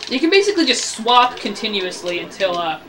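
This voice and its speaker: A man's voice: high-pitched, sing-song, a little fast, noisy background. A man giving casual let's-play commentary, rambling and ranting about the game as he plays. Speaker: gameplay commentator.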